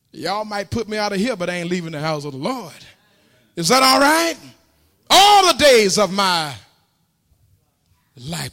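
A man preaching a sermon in a church, repeating phrases in call-and-response and rising to shouts. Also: a little high. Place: church sanctuary. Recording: long hall reverb.

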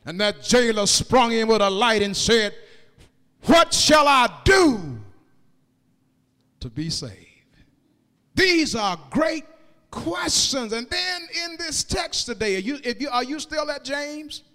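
A man preaching a sermon in a church, moving into sung, rising cadences and shouted peaks, and drawing out key words slowly. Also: very high voice, lively intonation. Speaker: pastor. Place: church sanctuary. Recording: long reverb of a large hall.

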